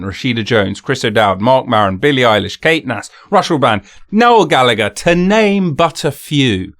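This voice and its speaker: A man's voice: on the low side, fairly bright tone, dry recording, clean studio sound. A man hosting his own podcast, chatting casually and rambling with self-mocking jokes and silly voices. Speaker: podcast host. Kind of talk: casual solo monologue.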